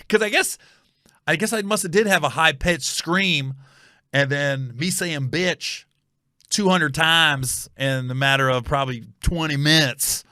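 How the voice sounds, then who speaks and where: A man hosting a comedy podcast, telling a funny story with animated energy and loud reenactments. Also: measured pace, dry recording, studio quality. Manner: animated storyteller, bursts into high shouted yelling when reenacting.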